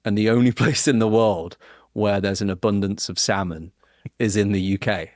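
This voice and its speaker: A man's voice: lowish voice, fairly even intonation, normal speed, a little mellow, no room sound, studio quality. A British man telling a story on a podcast, explaining his ideas through metaphors. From United Kingdom. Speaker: podcast guest. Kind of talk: casual podcast conversation.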